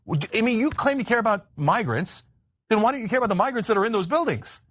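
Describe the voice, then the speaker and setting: A man making political commentary in a played clip, arguing forcefully. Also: sits high, animated, fast, no echo. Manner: forceful, argumentative.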